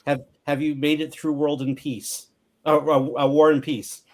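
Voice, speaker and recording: A man's voice: on the high side, little pitch movement, normal speed, a little mellow. A man hosting a casual interview, jokey with playful slang and stumbling restarts. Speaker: host.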